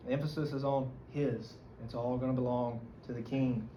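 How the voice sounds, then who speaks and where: A man's voice: medium pitch, fairly even intonation, normal speed, warm tone. A man with a Southern American accent teaching a church Bible study, reading scripture aloud and explaining it earnestly. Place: church meeting room. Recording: dull lo-fi recording, faint room noise.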